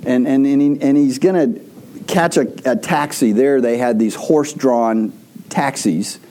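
Man, pastor, sermon, warm mellow voice, rambling, many restarts. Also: medium pitch, a little slow. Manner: rambling storyteller with frequent restarts.

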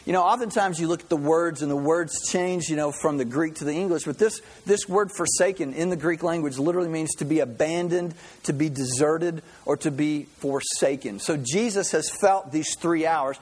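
Here is a man preaching in an easygoing, storytelling way, his voice a little husky and sitting slightly higher than most men's. He works through the scripture conversationally and often stops to restart a phrase. His delivery is informal rather than polished. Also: normal speed, few pauses, darkish tone. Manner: folksy storytelling with frequent restarts. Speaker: pastor. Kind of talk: conversational sermon.

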